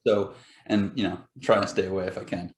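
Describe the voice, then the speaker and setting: A man's voice: low voice, little pitch movement, brisk, echoey room. A man appearing as a guest, chatting casually and reacting with exclamations during a spicy food challenge. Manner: laid-back, reacts with exclamations.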